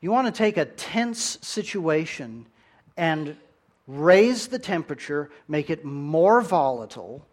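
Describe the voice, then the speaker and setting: A man preaching a sermon, telling stories in an animated way with big swings in loudness. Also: on the high side, slow pace.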